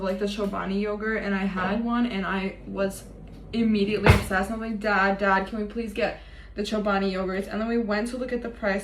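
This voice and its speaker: A young woman vlogging in a casual, confessional way, chatty and self-mocking, swearing freely. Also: medium pitch. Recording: echoey room with faint ambient noise.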